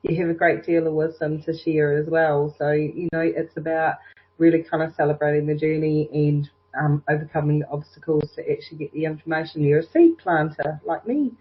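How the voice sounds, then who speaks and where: A woman's voice: low voice, steady tone, fairly quick. A woman giving an intuitive reading over a video call, effusive and encouraging, heaping praise on the caller. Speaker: intuitive reader. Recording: muffled lo-fi video call audio.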